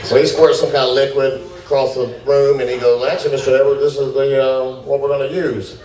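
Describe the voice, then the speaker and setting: A man doing stand-up comedy, telling a fast, animated story and acting out his own panic. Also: medium pitch, some chatter behind. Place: comedy club with laughing audience. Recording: roomy, distant club recording with noise.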